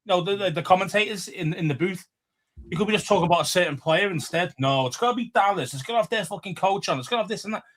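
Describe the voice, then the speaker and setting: A man's voice: high voice, rapid-fire, a bit bright. A man with a Liverpool Scouse accent, co-hosting a casual sports podcast, rambling and swearing freely with many fillers. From England. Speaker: podcast co-host.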